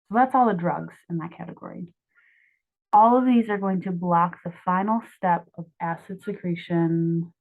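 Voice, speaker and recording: A young woman with a lowish voice explains her study drawings in a loose, chatty way, tossing in asides and fixing her own slips. The audio is thin and narrow, as if over a phone. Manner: chatty, self-correcting, offhand asides. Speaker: student explaining drug mnemonics. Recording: tinny phone-like sound.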